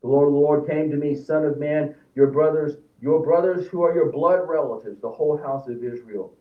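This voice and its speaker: A man teaching a Sunday school lesson in an animated way, reading scripture aloud and often restarting his words. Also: a little high, moderate pace. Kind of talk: Bible class lesson. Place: church classroom. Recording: roomy, distant, phone-like lo-fi room recording.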